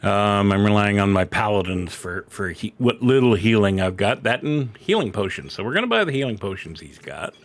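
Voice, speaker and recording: A man's voice: fairly low pitch, sing-song, brisk, hardly any pauses. A middle-aged man streaming a video game, chatty and self-deprecating as he talks into a desk microphone at home. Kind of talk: casual live-stream commentary.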